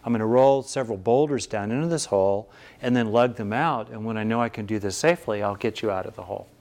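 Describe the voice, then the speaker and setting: A man voicing a gentle, compassionate male gorilla in a spoken story, talking calmly and plainly. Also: fairly low pitch, fast talker, close to an everyday voice. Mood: kindly.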